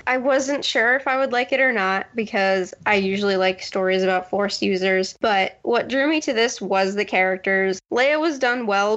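A woman's voice: a little high, fairly bright tone, highs cut off. A woman co-hosting a casual podcast, chatty and laughing often as she stumbles over names. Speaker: podcast co-host. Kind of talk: casual book discussion.

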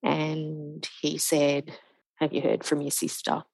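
A woman's voice: sits low, monotone, slow, gravelly, darkish tone, breathy edge, poor audio. A middle-aged woman, a guest telling her own story, acting out the voices of the people in it. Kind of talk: emotional personal storytelling.

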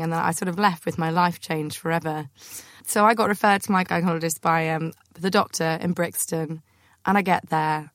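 She is a young woman hosting a podcast, sitting a little low in her register. She tells stories with animated, self-mocking humor. The recording is close and dry. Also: dry recording. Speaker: podcast host. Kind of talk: chatty storytelling.

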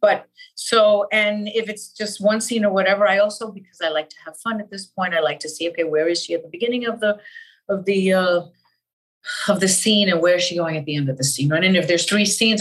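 An older woman from Cuba, an actress guest in an interview, talking in an animated, emphatic way and repeating key phrases. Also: on the low side, a little fast, low-quality recording. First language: Spanish. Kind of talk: interview conversation.

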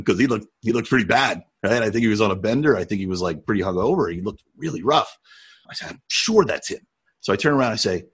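A man co-hosting a podcast, chatting casually and telling animated stories with frequent laughter. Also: lowish voice, slightly rough. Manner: storytelling, animated, laughs often. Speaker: podcast co-host. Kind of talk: casual chat.

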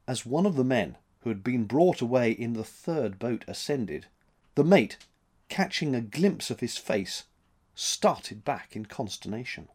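Expressive, husky male storyteller. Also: medium pitch, measured pace. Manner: expressive, dramatic. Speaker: narrator. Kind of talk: storybook reading.

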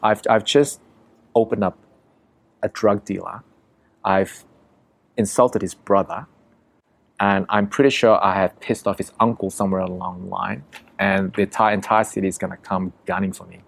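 A man's voice: low voice, fairly even intonation, normal speed, creaky, long pauses, no room sound. A man telling a story in a casual, conversational way, vivid and profane, often acting out what people said. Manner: vivid, profane, acts out quotes.

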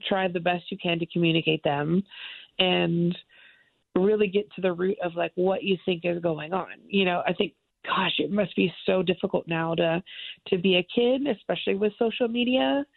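A woman's voice: lowish voice, normal speed, creaky. A woman in her forties, a guest on a radio talk show, chatting casually and a bit self-deprecating from Florida. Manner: chatty, self-deprecating, acts out quoted voices. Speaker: actress and singer guest. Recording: tinny phone line.

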